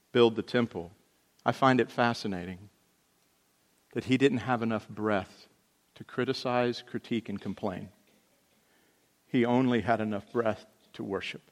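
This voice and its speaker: A male pastor delivers a sermon in an earnest, steady manner. His voice sits at a middle pitch, growing emphatic at points and then settling into quieter reflection. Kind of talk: sermon with scripture reading.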